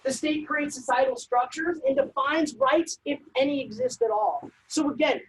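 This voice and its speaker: A woman presenting a civics workshop, lecturing in a brisk, conversational way with frequent ums and uhs. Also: high-pitched, slight background noise, poor audio. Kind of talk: informal lecture.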